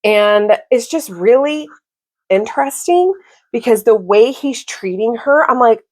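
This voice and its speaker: A woman in her thirties giving a casual, exasperated book review, talking in an animated way with lots of "like". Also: a little high, measured pace. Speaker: book vlogger.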